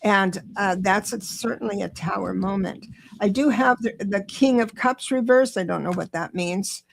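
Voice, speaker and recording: Chatty middle-aged lady reading tarot live, kinda gravelly, reassuring, gets all excited. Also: medium pitch, a little hiss or hum. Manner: chatty, reassuring, talks to viewers directly; excitable, rushes then slows down.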